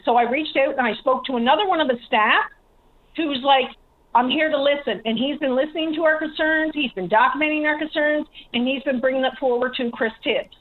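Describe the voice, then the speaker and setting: A woman calling into a radio show, upset and insistent, speaking in halting bursts. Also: sits high. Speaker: caller. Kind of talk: phone-in call. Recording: tinny phone line.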